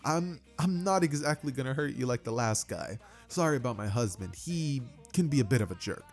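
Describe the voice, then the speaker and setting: A man's voice: medium pitch, expressive, fairly quick, darkish tone, faint music behind, close to an everyday voice. A man doing a bossy, blunt inventor woman. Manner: blunt, scolding. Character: brash adult woman inventor, bossy but caring.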